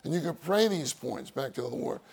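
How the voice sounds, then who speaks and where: A man's voice: fairly high pitch, animated, brisk, vocal fry, a little mellow, slightly rough. A man preaching a sermon, reading outline points aloud and repeating key phrases for emphasis.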